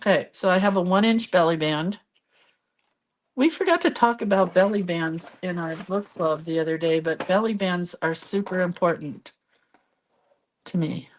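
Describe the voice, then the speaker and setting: A woman's voice: fairly low pitch, moderate pace, a little hiss or hum. A middle-aged woman hosting a live crafting video, chatting casually as she shows her pages and reads viewer comments aloud.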